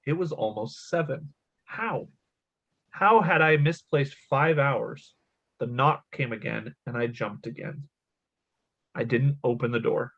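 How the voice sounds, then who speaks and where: A man's voice: mid-range voice, unhurried, vocal fry, fairly bright tone, husky, dull audio. A man in his thirties hosting a casual podcast, reading a creepy story aloud between laughs and swearing. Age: 30s. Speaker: podcast host.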